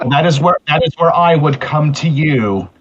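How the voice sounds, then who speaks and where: A man's voice: a little high, moderate pace, pitched above the performer's own voice, natural voice. A man voicing an earnest pony healer with a solemn manner who often restarts his phrases, in a tabletop game. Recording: muffled lo-fi audio.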